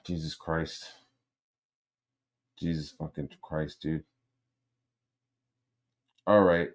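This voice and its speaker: A man's voice: extremely low pitch, flat delivery, drawn-out words. Profane, heated male streamer. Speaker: streamer host. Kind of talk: profane ranting livestream.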